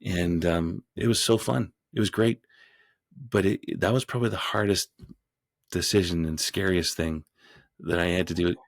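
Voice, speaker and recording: Low, gravelly man telling stories. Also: normal speed, no echo, studio quality. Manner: rambling, with frequent restarts. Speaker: podcast guest. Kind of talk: storytelling in an interview.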